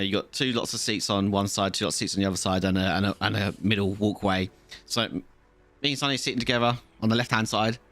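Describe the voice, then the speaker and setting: A man's voice: fairly low pitch, a bit bright. A man, chatting casually to viewers on a live game stream and rambling through a story. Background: faint music.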